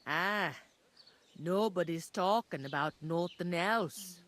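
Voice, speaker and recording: A woman's voice: on the low side, takes it slowly, fairly bright tone. An actress playing a blunt, bossy common village woman in a video game, with an English regional accent. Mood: gossiping. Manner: gruff, plain-spoken, bossy. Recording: game audio with faint noise.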